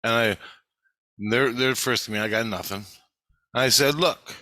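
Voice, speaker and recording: A man telling a dream in casual, profane storytelling, swearing constantly and getting animated as he retells it. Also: mid-range voice, moderate pace, no echo.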